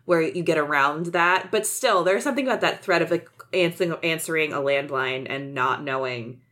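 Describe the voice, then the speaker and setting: Young woman podcast host, lowish voice, chatty, laughs a lot. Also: fairly bright tone. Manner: chatty, laughs often, quick asides. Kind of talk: casual chat.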